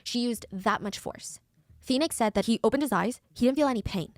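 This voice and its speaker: Fast-talking woman telling a true crime story. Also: fairly high pitch, no room sound. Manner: fast, dramatic, conversational retelling.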